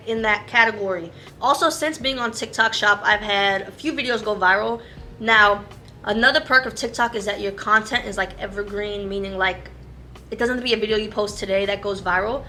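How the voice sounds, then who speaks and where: A woman who runs a made-to-order shop, chatting quickly and casually as she explains how selling online works. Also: mid-range voice, bright, forceful tone, slight background noise. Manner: fast-talking, chatty, self-aware about speed.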